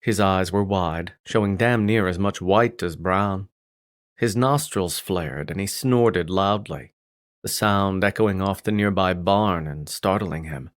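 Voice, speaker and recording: A man narrating a first-person audiobook in a gruff, irritated tone. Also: low-pitched, takes it slowly, no echo, clean studio sound.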